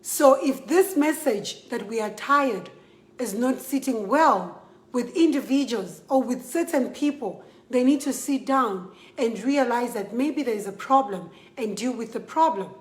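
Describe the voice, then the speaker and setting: A woman's voice: on the high side, lively intonation, measured pace, roomy sound. A young Zambian woman with a Zambian accent, making an emphatic, impassioned direct-to-camera appeal. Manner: emphatic, repetitive, pleading and scolding. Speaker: model speaking out.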